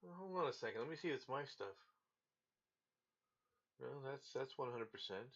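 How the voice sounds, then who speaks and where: A man's voice: medium pitch, animated, moderate pace, a bit bright, dull audio. A man hosting a livestream, reading the news aloud with chatty asides and frequent stumbles and restarts. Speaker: livestream host. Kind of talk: reading news with loose commentary.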